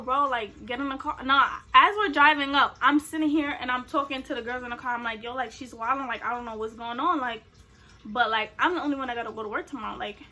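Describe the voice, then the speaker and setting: A young woman telling a personal story on her vlog, casual and profane, acting out what everyone said. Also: high voice. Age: young adult. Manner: animated, profane, acts out quotes. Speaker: vlogger.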